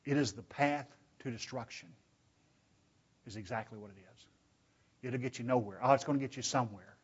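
Speaking briskly in a mid-range voice with some breathiness, a man preaches in church on a dull, lo-fi recording. Emphatic throughout, he calls listeners brethren, asks rhetorical questions, and shifts from loud exhortation to quiet pleading.

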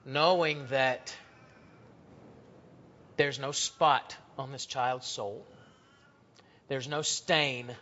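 A man preaching a sermon in a church, telling stories and acting out the voices in them, swinging from loud to hushed. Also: medium pitch, fairly even intonation, very slow, pauses often. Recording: dull lo-fi recording.

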